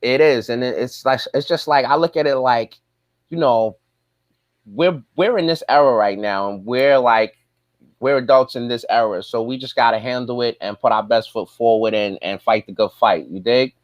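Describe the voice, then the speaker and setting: A man's voice: mid-range voice, moderate pace, no echo, muffled recording. A man talking as a guest on a casual show, in a laid-back, rambling way, full of "man" and "you know". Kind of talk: casual chat.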